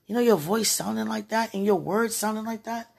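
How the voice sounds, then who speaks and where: Husky tipsy woman rambling. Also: fairly high pitch, brisk, a little mellow. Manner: giggly, rambling, self-interrupting. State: tipsy from wine. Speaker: live streamer. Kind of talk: casual rambling monologue.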